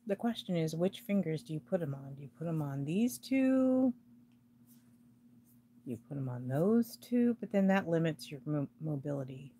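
A woman's voice: deep voice, expressive, normal speed, dark tone, slight background noise. A woman hosting a casual live jewelry sale, chatting to the pieces as she unpacks them and laughing often. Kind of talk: casual live-stream chat while unboxing.

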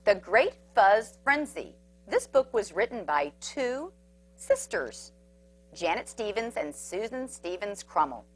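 A woman storyteller reading a picture book aloud to children, animated, with sound effects and asides about the pictures. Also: mid-range voice, slow pace, faint music behind.

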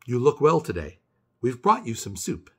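A man voicing a calm, gentle old man who speaks slowly and plainly in a storybook read-aloud. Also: medium pitch, slightly rough, full character voice.

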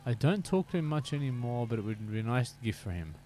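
A man's voice: medium pitch, lively intonation, quick pace, warm tone, slight background noise. Man teasing his stream viewers. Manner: playful, teasing chat with viewers, drops into whispers. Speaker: game streamer. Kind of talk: casual live-stream chat.

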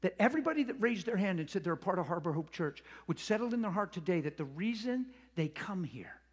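A man preaching a sermon as a pastor, animated and acting out the voices he quotes, recorded in a church sanctuary. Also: high-pitched, quick pace, breathy edge. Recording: echoey church hall reverb.

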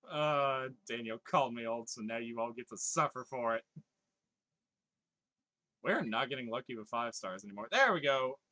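A man's voice: medium pitch, lively intonation, moderate pace, long pauses, pushed and bright. A man in his thirties streaming live, chatting casually, reading viewers' comments aloud and laughing often.

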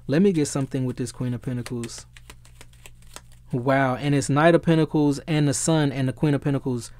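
A man giving a casual tarot reading who gets excitable, swears freely and often searches for the right word. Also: medium pitch, moderate pace. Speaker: tarot reader.

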